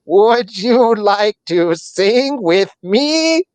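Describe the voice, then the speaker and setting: A man's voice: sits high, big pitch swings, very slow, darkish tone, clear, resonant tone, no echo, voice pushed up, full character voice. A man voicing a glitchy clockwork animatronic possum that gets stuck repeating syllables in a sing-song voice. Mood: cheery, glitching.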